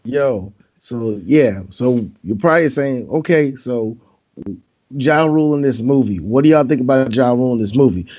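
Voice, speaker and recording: A man's voice: medium pitch, moderate pace, a little mellow. A man co-hosting a podcast in casual banter, blunt and profane, joking about movies. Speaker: podcast co-host. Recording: dull lo-fi sound.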